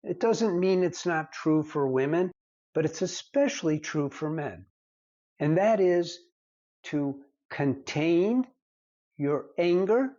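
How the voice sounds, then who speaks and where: A man's voice: a little high, animated, takes it slowly, mellow, highs cut off. A man giving marriage advice straight to the camera, lecturing in an earnest, emphatic way. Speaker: marriage counselor. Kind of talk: direct-to-camera advice talk.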